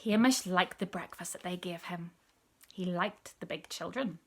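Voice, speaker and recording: A woman reading a picture book aloud, telling the story softly, often in a whisper, and pointing out the pictures. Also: on the low side, moderate pace, slightly rough. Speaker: storybook reader.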